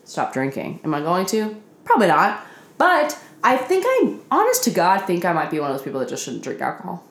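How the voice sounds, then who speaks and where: At home in her apartment, a tired-sounding woman in her twenties vents in a casual, confessional vlog, swearing often and laughing at herself. Her lowish voice swings hugely in pitch, she talks a little fast, and the sound is roomy.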